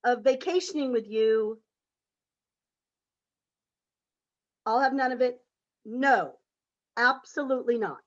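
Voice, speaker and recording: A woman playing an emotional mother in an amateur radio play, halting and theatrical, recorded on dull lo-fi audio. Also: fairly high pitch, lightly acted. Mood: indignant. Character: emotional middle-aged mother, fed up with family trips.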